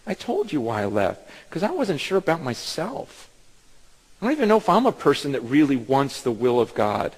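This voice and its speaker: A man's voice: a little high, lively intonation, normal speed, husky, big-room sound, rough recording. A man preaching a sermon as pastor, impassioned and blunt, acting out conversations as he speaks.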